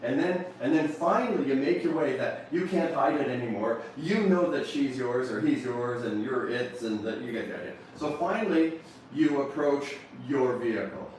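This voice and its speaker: A man's voice: mid-range voice, lively intonation, moderate pace, a little mellow. Playful man speaking in an echoey hall. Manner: playful, acts out flirting with a car in mock-sensual voices. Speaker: motivational speaker. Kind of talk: seminar talk to a live audience. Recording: very echoey hall from far off, faint noise.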